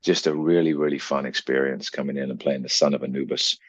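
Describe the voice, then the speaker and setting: A British actor talking as an interview guest, explaining his craft at length in a relaxed, reflective way. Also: a bass voice, fast, no echo. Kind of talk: casual interview chat.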